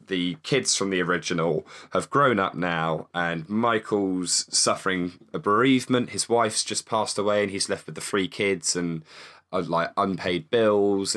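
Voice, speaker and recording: Chatty, lower-voiced man. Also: a bit bright. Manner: chatty, swears casually, stumbles and repeats words. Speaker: film review podcast co-host. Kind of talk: casual chat.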